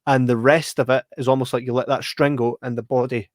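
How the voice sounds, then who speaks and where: Scottish guy on a podcast, keeps cracking up, does squeaky bits, dry close sound. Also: brisk, no room sound. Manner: animated, laughing, acts out scenes with squeals and sound effects. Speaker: podcast co-host. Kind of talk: casual film chat.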